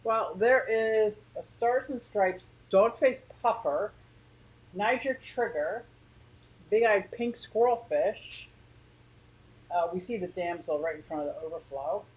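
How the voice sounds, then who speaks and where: A woman's voice: mid-range voice, lively intonation, slow pace, poor audio. Chatty woman livestreaming from her living room. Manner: rambling, chatty, greets viewers by name. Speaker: aquarium channel host. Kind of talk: casual livestream chat.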